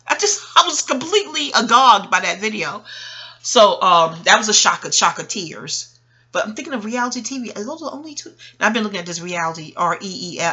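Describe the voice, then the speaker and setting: A woman's voice: mid-range voice, pushed and bright. A woman rambling through a casual, profane monologue about reality TV, chatty and full of digressions. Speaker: online commentary creator.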